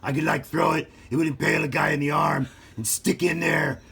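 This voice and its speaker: A man putting on a comic impression of Batman, a gruff boastful male vigilante, with a gravelly, loud and strained voice in a hobby video. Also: fairly high pitch, steady tone, brisk, voice pushed up, full character voice. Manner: over-the-top growl while showing off a toy car.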